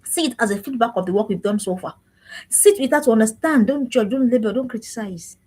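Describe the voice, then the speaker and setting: A woman's voice: fairly high pitch, brisk, dark tone, husky. A woman giving an emphatic, preachy parenting talk with lots of repetition. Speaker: parenting coach.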